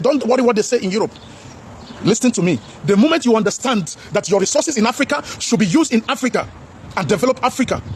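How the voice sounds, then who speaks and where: A man with a Nigerian accent giving a loud, preachy vlog commentary. He addresses viewers as his brothers, repeats himself and mixes English with Pidgin. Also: extremely high pitch, noisy background.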